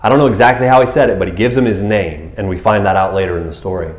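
A man preaching a sermon who tells the story with animated energy, acting out scenes in high, excited voices and laughing along the way. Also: very fast, reverberant, slight background noise. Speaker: pastor.

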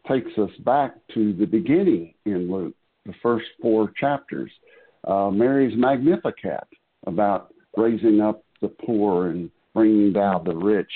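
Slow, husky man on a phone-like line. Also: fairly low pitch. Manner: slow, thoughtful, with hesitant restarts. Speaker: discussion panelist. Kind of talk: reflective casual discussion.

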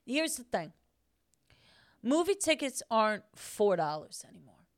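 A woman's voice: a little high, very animated, unhurried. A young woman co-hosting a podcast, ranting bluntly and emphatically, with frequent swearing. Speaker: podcast co-host. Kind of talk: casual chat.

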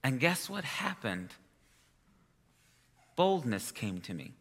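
A man's voice: mid-range voice, sing-song, takes it slowly, a bit bright. A male preacher giving a sermon and telling a personal story in a chatty, self-amused way. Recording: long reverb of a hall.

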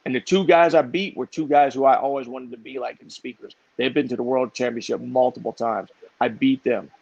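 A middle-aged man telling a story in lively conversation, acting out the voices of the people in it. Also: medium pitch, a little fast, vocal fry, husky, no room sound. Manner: animated, acts out quoted voices. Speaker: podcast guest. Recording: dull, dry, lo-fi sound.

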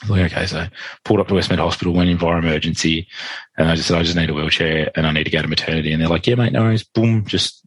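An Australian man, a podcast guest, telling a personal story in a quick, animated way and acting out what others said. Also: extremely low pitch, breathy edge, no echo, low-quality recording. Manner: animated, quick, acts out quoted dialogue. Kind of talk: conversational storytelling.

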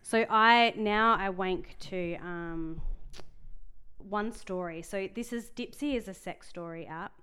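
A young woman chats casually as a podcast co-host. Her voice is smooth and clear at a middling pitch for a woman. She rambles through her stories, often breaking off mid-sentence and starting again. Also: takes it slowly, pushed and bright. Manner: rambling, self-interrupting storyteller. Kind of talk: casual chat.

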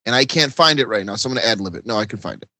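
A man's voice: lowish voice, expressive, rapid-fire, pushed and bright, dry recording, studio quality. A man on a comedy podcast panel, earnestly building a dramatic case for his pick. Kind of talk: casual comedic banter.

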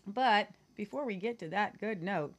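A woman's voice: mid-range voice, animated, moderate pace. A woman co-hosting a weekly world news talk show, chatting casually and rambling through stories. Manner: chatty, rambling, playful with mock accents. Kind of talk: casual news commentary chat.

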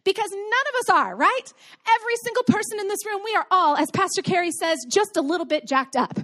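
A woman's voice: very high-pitched, animated, brisk, a bit bright. A woman in her thirties preaching a sermon to her congregation in a conversational way, telling stories and asking rhetorical questions. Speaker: pastor. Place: church sanctuary with congregation.

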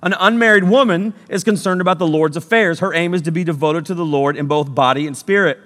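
A man in his thirties preaching with energy and humor, his fairly high voice jumping from loud bursts to near-whispers. He plays to the room with quick jokes. The sound carries the long reverb of a large hall. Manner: energetic, jokey, swings between loud and hushed. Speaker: youth pastor. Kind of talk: sermon.

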